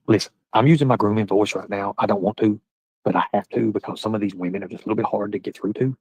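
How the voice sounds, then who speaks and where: A man hosting a casual livestream, rambling loudly and cursing as he chats with his viewers. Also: fairly low pitch, fast, slightly rough, dry recording, low-quality recording. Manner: rambling, loud, profane banter with viewers. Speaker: livestream host.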